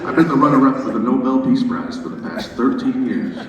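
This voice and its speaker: A male stand-up comedian performing a set in a comedy club with an animated, playful, self-mocking delivery. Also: medium pitch, a little fast, distant mic, muffled recording. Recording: echoey club recording from afar, crowd laughter.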